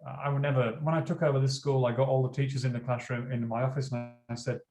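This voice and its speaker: A man's voice: medium pitch, level tone, quick pace, warm tone. A man in his forties, a teacher and school principal, telling classroom stories in an earnest, conversational way during an interview. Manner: earnest, storytelling, acts out classroom dialogue. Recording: echoey room.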